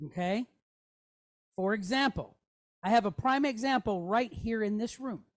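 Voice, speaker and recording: A woman teaching a Hebrew class, explaining patiently, sounding out letters and syllables slowly, and checking in with her students with a frequent "okay?" and "right?". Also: a little high. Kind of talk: classroom lesson.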